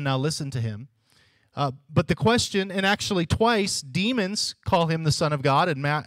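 A man preaching in an easy, teaching way, speaking a little higher than most men. He drives his points home with repeated questions and lightly acts out the lines of Bible figures. The sound is close and dry. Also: fairly bright tone, dry recording. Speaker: pastor. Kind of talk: sermon.

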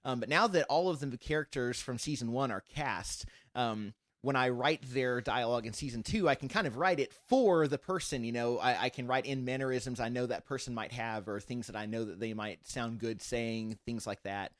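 A man's voice: medium pitch, normal speed, hardly any pauses, dry recording, studio quality. Rambling man chatting about his writing. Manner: rambling, restarts often, animated when excited. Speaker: audio drama writer and creator. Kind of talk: casual podcast chat.

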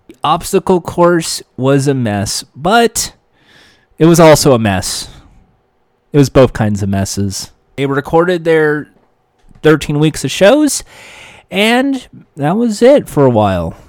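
A man narrating a story in a comedic way, animated and jokey, with self-correcting asides. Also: medium pitch, no room sound, clean studio sound.

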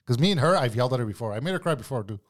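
A man's voice: medium pitch, animated, very fast. A man in a casual podcast chat, swearing freely and acting out both sides of an argument. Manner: profane, heated storytelling. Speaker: guest telling a work story.

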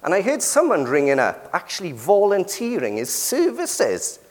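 In a church with long hall reverb, a middle-aged British-accented man preaches conversationally, often asking the congregation questions and using frequent tag questions. His voice is high-pitched with huge pitch swings at a moderate pace.

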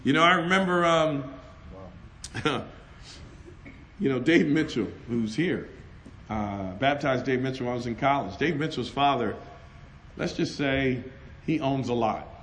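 A middle-aged man preaching a sermon, loud and animated, telling stories and laughing between them. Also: medium pitch, a little slow, long pauses, slight background noise. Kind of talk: lively storytelling sermon.

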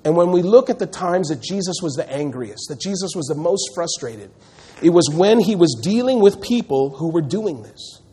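A male pastor preaching a sermon in an animated way, acting out the voices he quotes and repeating words as he builds a point. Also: a little high, normal speed, breathy edge.

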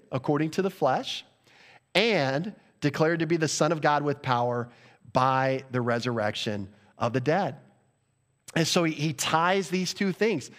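A male pastor delivering a sermon in a conversational style, asking the congregation rhetorical questions. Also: a little high.

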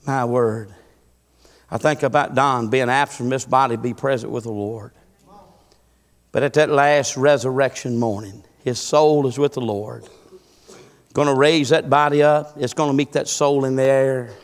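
A man preaching a sermon, swinging from hushed murmurs to fervent, rising cadences. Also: medium pitch, fairly even intonation, moderate pace. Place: church. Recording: music behind, long hall reverb.

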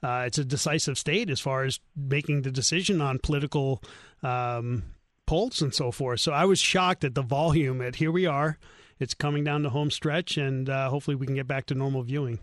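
A man's voice: medium pitch, brisk, no echo, studio quality. A man hosting a weekly radio talk show, chatting casually and rambling with frequent self-corrections.

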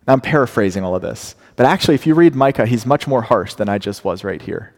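A man preaching a sermon, acting out scripture in a lively way with big rises and drops. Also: on the low side, fast, hardly any pauses. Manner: animated, dramatic paraphrasing of scripture. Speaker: pastor. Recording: long hall reverb.

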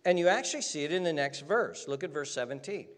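A male pastor preaching a sermon with passionate repetition, dropping to hushed whispers at times. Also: a little high, expressive, quick pace. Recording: long hall reverb.

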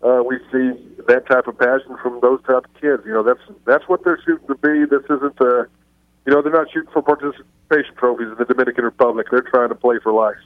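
A man's voice: mid-range voice, fairly even intonation, quick pace, dry recording. A man, a baseball scout and guest, telling stories in a radio interview with lots of fillers and restarts, heard over a phone line. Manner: storytelling, frequent fillers and restarts. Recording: dry, phone-line sound.

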